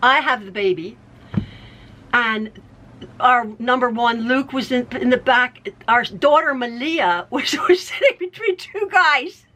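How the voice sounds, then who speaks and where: A woman's voice: a little high, animated, measured pace, pushed and bright. A middle-aged American woman telling family stories casually, laughing often and restarting her sentences. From United States. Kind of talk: casual storytelling.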